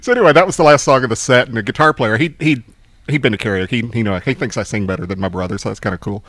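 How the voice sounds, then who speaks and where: Fast-talking man telling stories. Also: medium pitch, no echo. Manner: animated storyteller, laughs often, swears. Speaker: podcast co-host. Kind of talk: casual chat, anecdotes.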